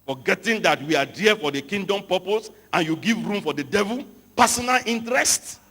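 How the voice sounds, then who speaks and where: A man preaching a sermon to pastors, telling stories and rising into shouted emphasis. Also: high-pitched, lively intonation, a little fast, breathy edge. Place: large hall. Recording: hall reverb, from a distance.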